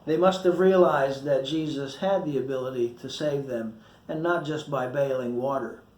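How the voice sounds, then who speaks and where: A man's voice: medium pitch, moderate pace, darkish tone, echoey room. A male pastor giving a short sermon, reading scripture with feeling and acting out the quoted voices. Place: church.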